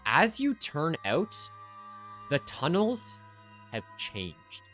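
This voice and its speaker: A man narrating a live tabletop game as game master, filling pauses with many ums. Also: on the high side, huge pitch swings, pushed and bright, soft background music.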